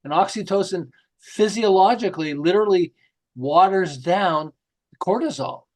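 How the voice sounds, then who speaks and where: A middle-aged man, a marketing author, telling lively stories in an interview and acting out the quotes. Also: high-pitched, normal speed. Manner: lively, jokey, acts out quotes with laughs. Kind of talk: animated storytelling interview.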